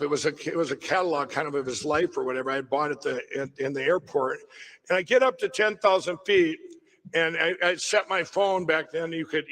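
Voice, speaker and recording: A man's voice: a little high, fairly bright tone, poor audio. A middle-aged man telling a long personal story on stage, rambling, with many restarts and broken-off phrases. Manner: rambling, self-interrupting storyteller. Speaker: guest speaker at a summit.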